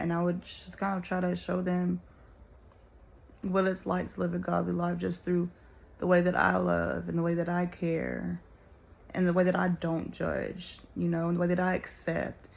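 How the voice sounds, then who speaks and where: A woman talking things through with her audience, earnest and searching, leaning on filler words as she goes. Her voice drags into a thick, gravelly fry, and the recording sounds a little muffled and lo-fi. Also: on the low side, a little mellow. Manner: earnest and searching, many "like" and "you know" fillers. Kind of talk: casual spoken reflection to viewers.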